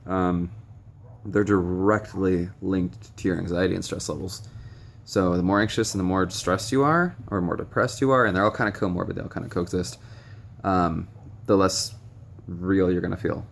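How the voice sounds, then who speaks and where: A man's voice: deep voice, steady tone, moderate pace, gravelly, slight background noise. A young man vlogging recovery advice in a frank, rambling way with many ums and some blunt swearing. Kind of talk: casual direct-to-camera monologue. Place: noisy room with stray tapping and beeping.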